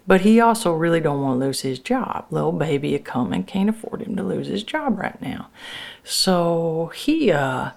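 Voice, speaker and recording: A woman's voice: low-pitched, big pitch swings, moderate pace, vocal fry, darkish tone, exaggerated voice. A woman telling, as a worker's wife, a rambling story in folksy rural dialect, as a dramatic monologue.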